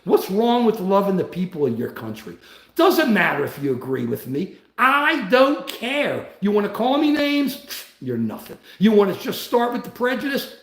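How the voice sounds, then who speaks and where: A man's voice: high-pitched, huge pitch swings, moderate pace, a bit bright, echoey room. A man hosting a casual livestream, talking in a worked-up way and reading out viewer comments. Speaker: livestream host.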